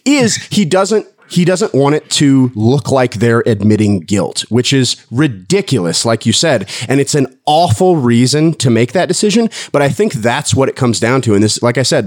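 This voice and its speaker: A man speaking as a panelist in a discussion, talking in a measured, reflective way. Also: mid-range voice, no room sound, clean studio sound.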